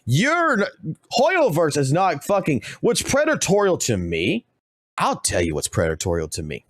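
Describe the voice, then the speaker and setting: A man's voice: fairly high pitch, wildly swooping pitch, measured pace, fairly bright tone, dry recording. A man streaming a game, ranting heatedly about spending and swearing constantly. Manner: heated, heavily profane ranting. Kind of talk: ranting reaction commentary.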